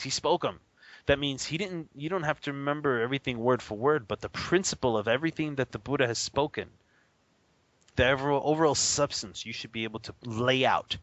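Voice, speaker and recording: A man teaching about Buddhist practice in a casual, animated way, often laughing and acting out the people he quotes. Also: medium pitch, dry recording, highs cut off. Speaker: Buddhist teacher on a radio show.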